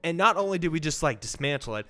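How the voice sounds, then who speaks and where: A young man with a slightly high voice tells a story from his childhood in a loose, chatty way. He jumps up in pitch when he acts out what people said. Faint music plays under him. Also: expressive, fast talker, pushed and bright. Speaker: vlogger. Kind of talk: casual storytelling.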